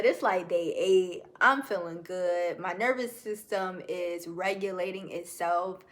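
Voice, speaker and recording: A young woman talking in a personal video journal, reflective and heartfelt, chatting casually to her viewers with many fillers. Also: mid-range voice. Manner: slow, reflective and heartfelt, addresses viewers as y'all.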